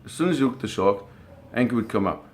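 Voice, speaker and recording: A middle-aged man casually telling a story, animated, with sound effects and acted quotes. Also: mid-range voice, quick pace. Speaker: storyteller recounting a fishing trip.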